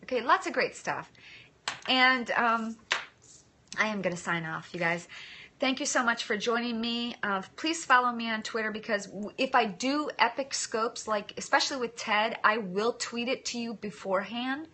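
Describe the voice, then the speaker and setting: A woman's voice: fairly high pitch, normal speed, bright, forceful tone. A woman hosting a casual phone livestream, chatting with viewers, thanking them by name, and drifting into side remarks. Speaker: livestream host.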